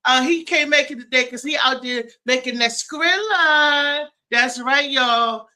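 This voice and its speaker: A woman hosting a casual live-stream chat at home, animated, with loud exclamations. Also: high-pitched, unhurried. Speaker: host.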